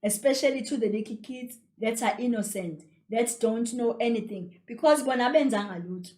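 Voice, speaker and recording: Animated South African woman teaching. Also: fairly high pitch, normal speed. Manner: animated, repeats phrases for emphasis. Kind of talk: explaining a story in an exam revision lesson. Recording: roomy echo.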